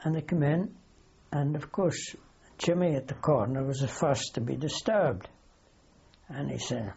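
A man's voice: medium pitch, measured pace, creaky, darkish tone, husky, lo-fi sound. An older man, a wartime aircrew veteran, telling a long anecdote in an oral history interview. He rambles, corrects himself as he goes and keeps a dry humour.

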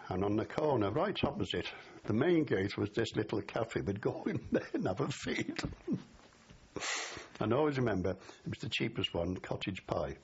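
Older Scouse man reminiscing. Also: fairly low pitch. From Liverpool area, England. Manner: chatty storyteller, laughs at his memories. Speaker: interviewee. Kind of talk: oral history interview. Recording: dull lo-fi recording with faint hiss.

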